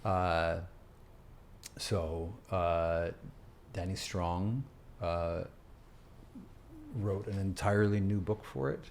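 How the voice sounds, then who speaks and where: A middle-aged man with a low voice talks casually as a guest, stopping and restarting his sentences. Faint noise hums under the recording. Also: steady tone, a little mellow. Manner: halting, many restarts and fillers. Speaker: guest, Broadway actor. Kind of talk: casual interview chat.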